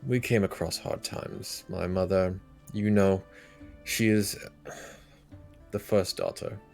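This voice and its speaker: Very deep, gravelly man in role-play. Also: fairly even intonation, a little mellow, soft background music. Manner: earnest, formal, halting. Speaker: player. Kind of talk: in-character tabletop role-play.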